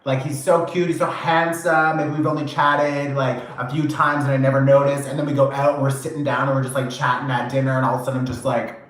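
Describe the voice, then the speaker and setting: Casting note: a gabby, swearing tarot reader, mid-pitched, in a very echoey room. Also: male voice, quick pace, few pauses. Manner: chatty, animated, full of fillers and swearing. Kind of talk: casual pick-a-pile tarot reading.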